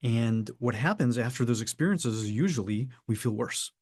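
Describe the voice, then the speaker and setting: A man giving a reflective coaching talk, measured and often acting out what people say. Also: medium pitch, expressive, a little mellow, breathy edge, no room sound, clean studio sound. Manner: measured, acts out quoted people. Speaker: spiritual coach.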